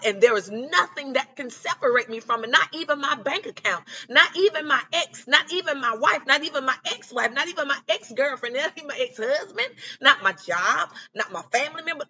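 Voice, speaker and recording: A woman's voice: sits high, bright, forceful tone, breathy edge, lo-fi sound. A woman giving a casual, encouraging spiritual pep talk, often checking in with "okay?" and "you know what I'm saying?". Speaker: spiritual guidance creator.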